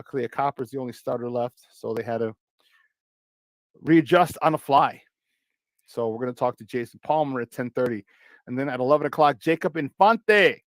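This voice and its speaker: A man with a Chicago accent hosts a morning sports talk show, loose and joking with his listeners. His voice sits a little high for a man. The studio sound is close and dry. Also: no echo. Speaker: sports talk radio host.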